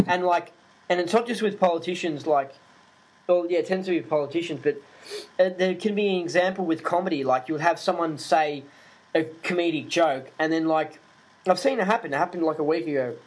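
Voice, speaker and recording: A man rants in a loose, unscripted monologue. His voice sits a little higher than most men's. He is indignant and animated, swears often and leans on fillers. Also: brisk, rough recording. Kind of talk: casual ranting monologue.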